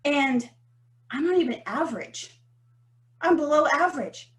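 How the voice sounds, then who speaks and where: A woman, co-hosting a podcast and telling a story about business in an animated, emphatic way. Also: high voice, a little slow, pauses often. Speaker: podcast co-host. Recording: roomy echo.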